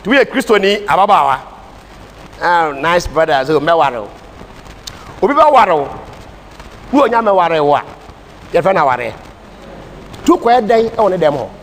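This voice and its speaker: High-voiced Ghanaian preacher in a reverberant church hall. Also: male voice, very animated, moderate pace, long pauses, a bit bright. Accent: Ghanaian English. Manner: switches between English and Twi, emphatic preaching cadence. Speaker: Bible class teacher. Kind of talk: sermon-style Bible teaching. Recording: distant hall reverb with faint ambient noise.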